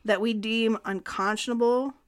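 A woman's voice: fairly high pitch, fairly even intonation, normal speed. A woman co-hosting a history podcast, explaining historical laws in an earnest, conversational way. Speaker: podcast co-host.

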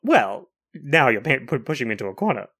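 A man's voice: medium pitch, very animated, a little fast, a bit bright, slightly rough. A man co-hosting a podcast in casual chat, wry and joking and swearing freely. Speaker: podcast co-host.

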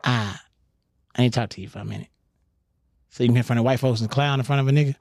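A man doing an impression of a loud, scolding middle-aged studio boss who cusses and yells high and fast. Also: vocal fry, close to an everyday voice. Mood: accusing. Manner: yelling, cussing, high and fast.

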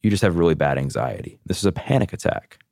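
Man, thirties, very low pitch, dry close sound, candid casual storytelling, animated. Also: fast talker, gravelly, dry recording. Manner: candid, animated, heavy use of "like". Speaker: podcast guest.

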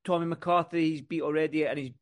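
Man, fairly high voice, enthusiastic, rambling, casual podcast chat. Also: steady tone, quick pace. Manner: enthusiastic, repeats words, rambling. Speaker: podcast co-host.

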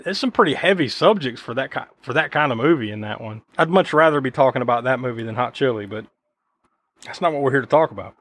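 A man's voice: mid-range voice, expressive, quick pace, fairly bright tone, dry recording. A man hosting a podcast, chatting casually about a film in a rambling, profane way full of fillers. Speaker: podcast host.

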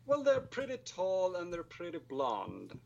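A man's voice: high voice, wildly swooping pitch, unhurried, gravelly, darkish tone, highs cut off. A man in his twenties with a Swedish accent, a filmmaker guest making dry jokes at his own expense in casual chat. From Sweden. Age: 20s. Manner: self-deprecating, dry humor.

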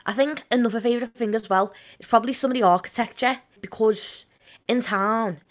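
A woman's voice: on the high side, a little fast. A woman with a broad Scouse accent chats as an interview guest. Her talk is loose and rambling, scattered with fillers and easy laughter. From Liverpool, England. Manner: chatty, filler-heavy, laughs easily. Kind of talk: casual interview chat.

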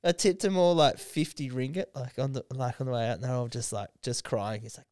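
Tipsy Australian man, smooth voice. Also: mid-range voice, brisk, few pauses, darkish tone, no room sound, clean studio sound. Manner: swears constantly, laughs through stories. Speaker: podcast host. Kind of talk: casual drunk chat.

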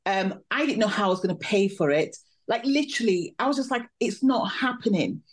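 A woman, a podcast guest, telling a personal story in a lively, animated way. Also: mid-range voice, fairly quick. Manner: animated, vivid storytelling with laughs. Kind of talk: storytelling interview.

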